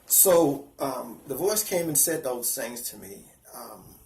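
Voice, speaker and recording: A man in his fifties sharing a personal spiritual testimony, earnest and halting, often restarting his sentences and close to tears. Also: mid-range voice, animated, a little mellow, reverberant. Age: 50s. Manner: earnest, halting, with repeated false starts.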